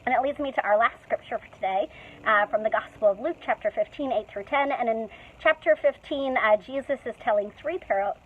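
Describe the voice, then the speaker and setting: A woman's voice: fairly high pitch, a little fast. Chatty woman pastor on a tinny recording. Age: young adult to middle-aged mother. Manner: chatty and humorous, with playful asides. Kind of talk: conversational sermon. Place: church sanctuary. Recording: tinny phone-like sound.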